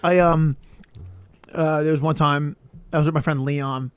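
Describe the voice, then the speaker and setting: Young man, fairly high voice, dry close sound, casual storyteller, says dude, curses. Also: steady tone, unhurried, smooth, no room sound. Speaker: podcast co-host. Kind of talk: casual chat.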